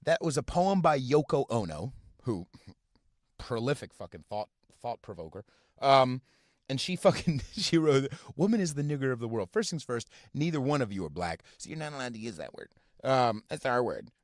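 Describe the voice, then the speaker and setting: A man hosting a podcast from inside his car, ranting casually and profanely in a halting, rambling way full of fillers. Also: medium pitch, big pitch swings, dry recording, studio quality. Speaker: podcast host. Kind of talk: casual rant.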